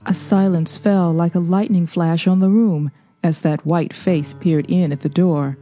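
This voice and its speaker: Mellow-voiced woman reading a novel aloud. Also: fairly low pitch, soft background music. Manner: steady, even, measured storytelling. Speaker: audiobook narrator. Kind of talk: scripted narration.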